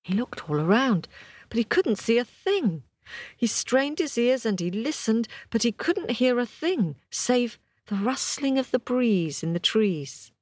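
A woman telling a folk tale to an audience, expressive and rhythmic, with repeated phrases. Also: on the high side, measured pace, no echo. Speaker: storyteller. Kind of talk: oral storytelling to an audience.

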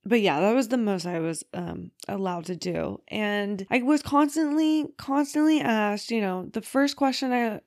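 A woman's voice: mid-range voice, measured pace, few pauses, darkish tone, no echo, studio quality. A woman hosting her own podcast, talking casually and candidly, with the odd swear word, from bed at home. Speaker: podcast host. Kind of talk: casual solo podcast chat.

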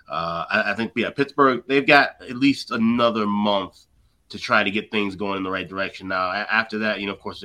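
A deep-voiced man talks fast in casual sports betting chat. His tone is sharp and forceful. He packs his talk with fillers and quick restarts. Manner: rapid, filler-heavy, restarts often.

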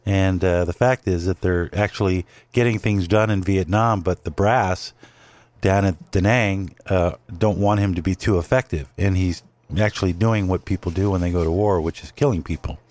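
A podcast host with a deep, slightly mellow voice gives a rambling, opinionated monologue of casual political commentary at normal speed. He uses many fillers and restarts, and the recording has no room sound.

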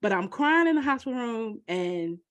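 A woman telling a personal story, halting and emotional, with many pauses and fillers. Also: on the high side, big pitch swings, no room sound, lo-fi sound.

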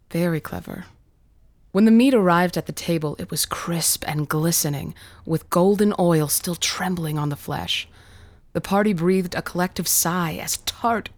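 A woman reading a scripted horror story in a measured, vivid storytelling manner. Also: on the low side. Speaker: narrator.

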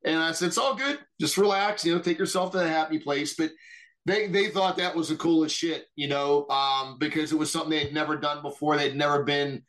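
A man with a fairly high voice swaps rowdy stories as a podcast guest, loose and profane. He acts out other people's lines as he goes. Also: a little fast. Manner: animated, profane, mimics others in quotes. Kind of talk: casual storytelling.

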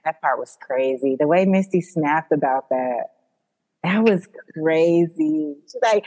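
A woman hosting a podcast, talking in an animated, emphatic casual chat and swearing freely. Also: sits low, a little slow. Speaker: podcast host. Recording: long hall reverb.

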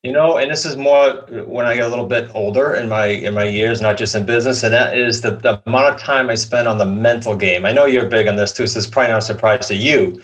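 A man's voice: medium pitch, fast, hardly any pauses, fairly bright tone, low-quality recording. A man, answering interview questions in a reflective, conversational way. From Boston area. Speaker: podcast guest.

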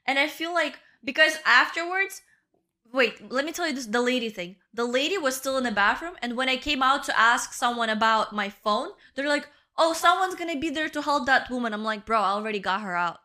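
A woman's voice: high voice, expressive, fairly quick, pushed and bright. A young woman co-hosting a podcast, telling a casual story, swearing and often adding "bro" and "right?". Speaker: podcast co-host. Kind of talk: casual chat.

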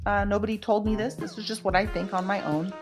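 A woman's voice: mid-range voice, flat delivery, fast, music in the background. A woman hosting her own show, talking casually in a rambling, emphatic way with lots of ums and uhs. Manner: rambling, emphatic, with many fillers. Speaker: podcast host. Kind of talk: casual monologue.

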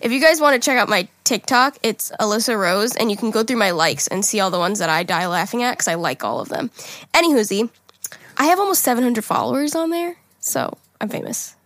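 A woman's voice: fairly high pitch, animated, a little fast, a bit bright, dry recording, clean studio sound. Giggly young woman podcast host. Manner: giggly, bubbly, laughs often. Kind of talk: casual chat.

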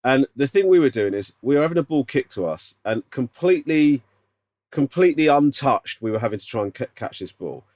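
A man's voice: medium pitch, lively intonation, brisk, a little mellow, dry recording. A man co-hosting a casual podcast chat, teasing his friend with incredulous questions. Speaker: podcast co-host.

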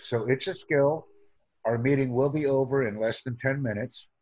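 A man teaching an online English lesson, speaking in slow, deliberate drills and repeating sentences for practice. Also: medium pitch, darkish tone, lo-fi sound.

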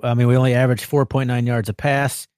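A man's voice: mid-range voice, level tone, quick pace, a little mellow, clean tone, no room sound, clean studio sound. A man hosting a sports podcast, recapping a football game in a chatty way, rattling off stats with fillers.

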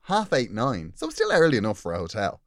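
A young man chatting casually, telling stories with big laughs and sudden quiet asides. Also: quick pace, no echo, studio quality. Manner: animated storyteller, laughs often, swings between loud bursts and low asides. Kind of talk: casual chat.

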